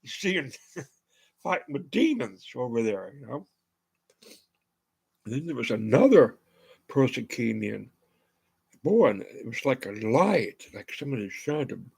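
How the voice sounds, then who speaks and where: Gravelly older man rambling, lively pitch. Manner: rambling, full of "you know" fillers and restarts. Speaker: show host. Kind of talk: rambling monologue.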